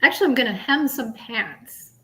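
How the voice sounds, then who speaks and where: Woman hopping on a stream to say hi, bright higher voice, chatty. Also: expressive, normal speed, rough recording. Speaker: viewer joining the stream by voice. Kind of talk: casual chat.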